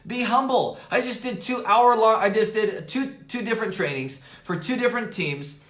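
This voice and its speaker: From behind an office desk, a man with a high-pitched, somewhat hoarse voice gives a network marketing coaching talk to camera. His motivational delivery is energetic and emphatic, he says key points more than once, and "right?" and "okay?" fill his pauses; the recording has a roomy echo.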